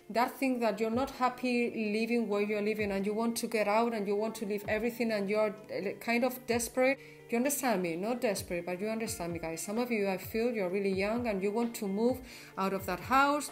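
Gushing woman tarot reader, soft music behind. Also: medium pitch. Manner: gushing, affectionate, with restarts. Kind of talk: tarot reading to viewers.

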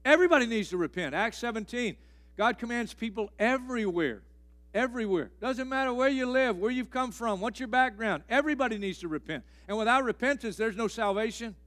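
A middle-aged man, a pastor delivering a sermon in a church, pressing key phrases again and again and swinging between loud and hushed. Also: very high voice, expressive, brisk. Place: church sanctuary.

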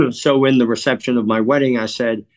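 A man from Chicago, a guest in an interview, telling stories in a measured, earnest way and often clearing his throat. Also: medium pitch, steady tone. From Chicago, USA. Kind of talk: reflective interview storytelling.

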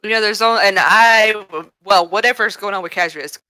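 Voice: medium pitch, fairly quick, bright, forceful tone, no room sound. A tabletop game player chatting casually, rambling and correcting themselves mid-sentence.

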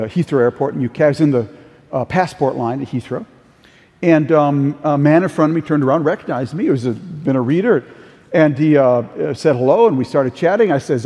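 An older man delivers a conference keynote from a large hall, his voice carrying a long reverb tail. The tone is mellow and slightly higher than usual for a man. He moves from point to point through anecdotes. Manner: storytelling with anecdotes, occasional restarts. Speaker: keynote speaker. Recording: distant, echoey hall sound.

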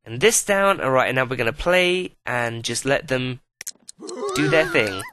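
Swearing, lively-voiced man narrating gameplay. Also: mid-range voice, unhurried, a little hiss or hum. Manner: profane, exasperated running chatter at the game. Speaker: let's play host. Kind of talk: video game commentary.

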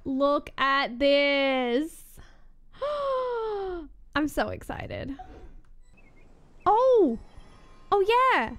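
A young woman streaming a game, gushing and excitable, swearing casually as she reacts. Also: sits high, very slow, long pauses. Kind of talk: gaming reaction commentary.

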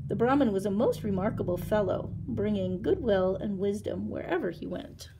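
A woman telling a children's story aloud as a library storyteller, with clear, expressive delivery. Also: medium pitch, normal speed, few pauses, background noise. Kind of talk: reading a picture book aloud.

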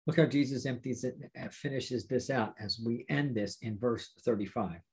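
A pastor teaching a Bible study to viewers, speaking emphatically and asking rhetorical questions. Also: male voice, mid-range voice, normal speed, breathy edge. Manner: warm, direct address to viewers.

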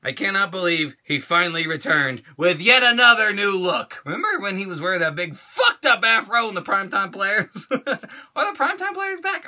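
Toy show host, middle-aged man, high and lively, loud and crude, keeps dropping into silly voices. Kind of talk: unboxing fan mail.

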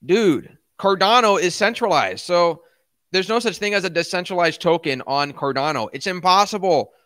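A man's voice: high voice, lively intonation, moderate pace, a bit bright. A young man hosting a casual crypto livestream, chatting with viewers as man and dude, swearing and flaring into rants. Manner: swears, flares into ranting outbursts; laid-back, calls viewers man and dude.

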